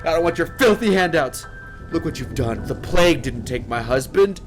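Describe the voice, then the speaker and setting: A man's voice: on the high side, lively intonation, moderate pace, soft background music, voice pushed up, lightly acted. A man shrieking as a grief-mad widow. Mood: ranting. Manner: screaming, sobbing accusations. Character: grieving furious young widow, shrieking.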